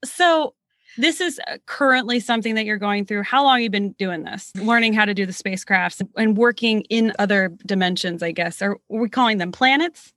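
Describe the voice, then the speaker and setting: A woman's voice: mid-range voice, normal speed, a bit bright, dry recording, studio quality. A woman hosting a casual interview, asking playful, curious questions with laughter. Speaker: interview host.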